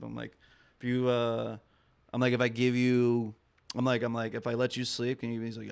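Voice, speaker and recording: A man's voice: mid-range voice, completely flat delivery, brisk, vocal fry. A man as a podcast guest, telling a long story casually with lots of swearing and fillers. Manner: rambling, profane, heavy on "I'm like" and fillers.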